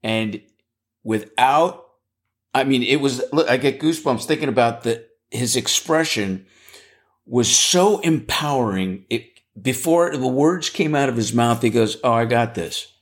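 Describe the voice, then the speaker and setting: Male athletic trainer as podcast guest; mid-pitched, storytelling delivery full of restarts. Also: normal speed. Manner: stammering restarts when telling a story. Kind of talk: casual interview storytelling.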